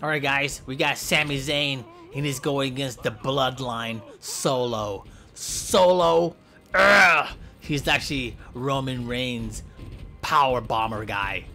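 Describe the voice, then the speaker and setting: A young man giving goofy, excitable play-by-play commentary over a game, yelping and shouting in mock pain. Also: medium pitch, unhurried. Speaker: gameplay commentator.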